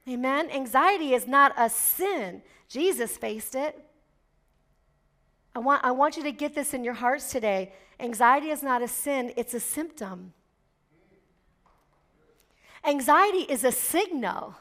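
A woman's voice: high-pitched, animated, a little slow, a bit bright. A middle-aged woman pastor preaching a sermon, fervent and emphatic, building in intensity as she exhorts.

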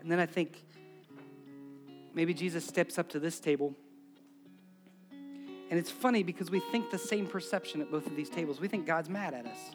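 A pastor preaching a sermon and leading a closing prayer, moving between impassioned preaching and soft, intimate prayer. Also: male voice, a little high, normal speed, long pauses. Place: church service with band playing. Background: live guitar music.

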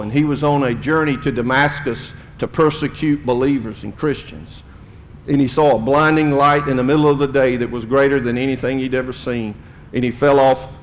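Emphatic preacher in a reverberant hall. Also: male voice. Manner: emphatic preaching, voice swelling louder and higher on key points; addresses the congregation directly. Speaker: pastor. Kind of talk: sermon.

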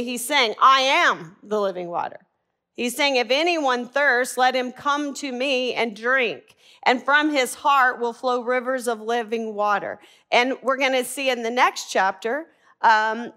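A woman's voice: fairly high pitch, pushed and bright. A woman teaching a Bible class, asking the group questions and answering them herself.

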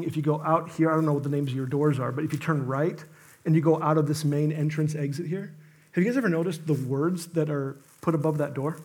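A man preaching a sermon as a guest pastor, telling stories in an animated way with emphatic bursts and quick asides. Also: on the high side, slightly rough.

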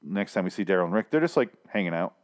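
A man ranting with exasperation and frequent swearing while reviewing a TV season. His voice is going hoarse from shouting. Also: sits low, lively intonation, fast. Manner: exasperated, profane, repetitive. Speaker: TV show reviewer.

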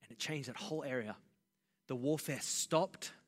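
A man preaching a sermon as pastor, passionate and building to loud, emphatic delivery. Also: mid-range voice, normal speed. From Australia. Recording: long reverb of a large hall.

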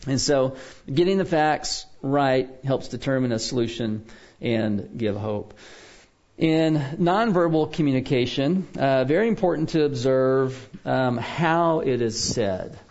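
A man lectures on counseling in a loose classroom manner, often pausing to ask "okay?" to keep his listeners with him. His voice sits at an ordinary middle pitch. The recording is dull and lo-fi. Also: expressive, a little mellow. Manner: conversational, checks in with "okay?" often. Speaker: biblical counseling teacher.

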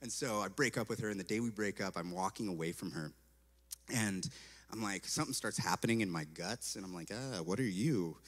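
A man from California telling his personal testimony as a story, animated and acting out his own past words, with "like" all through his talk. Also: low-pitched, fairly quick. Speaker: speaker giving a personal testimony. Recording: long hall reverb.

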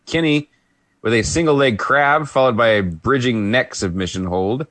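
A man co-hosting a podcast, giving a relaxed play-by-play recap of a wrestling match with light laughs. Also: mid-range voice, normal speed, dry recording. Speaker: podcast co-host.

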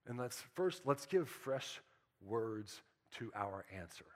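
A pastor preaches a sermon in a casual, conversational style, with soft guitar music playing behind him. His mid-range voice is animated but slow-paced.

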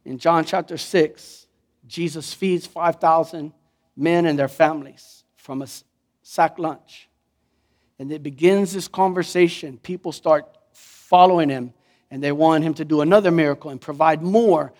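A man with a notably high voice preaches a sermon, talking to the congregation as if in conversation. He is animated and often slips into the voices of the people and figures he quotes. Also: unhurried. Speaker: pastor.

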